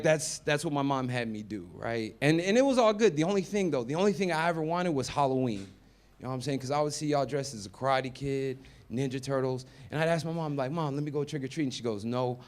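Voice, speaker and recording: A man performing a stand-up comedy set, chatty and conversational, dropping to mumbled asides and jumping up loud for punchlines. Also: mid-range voice, animated, quick pace. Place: comedy venue with live audience.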